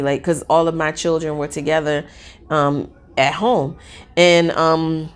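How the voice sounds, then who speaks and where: A woman in her forties telling a personal story in a casual, rambling, excitable way with lots of fillers. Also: sits low, normal speed, clean tone.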